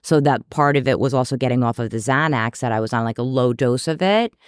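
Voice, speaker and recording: A woman's voice: rumbling low, quick pace, smooth, no room sound, studio quality. A woman guest on a podcast, a psychotherapist who tells her story with humor and acts out the people she quotes. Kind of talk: casual storytelling interview.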